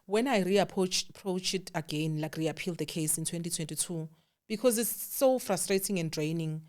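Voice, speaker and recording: A South African woman with a low-pitched voice tells her own story as an interview guest. She talks candidly and animatedly, acting out the voices of the people she quotes, and her voice sinks to a quiet hush in the heavy moments. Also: normal speed. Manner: candid, animated quoting of others, drops to hushed tones. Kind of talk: emotional personal storytelling.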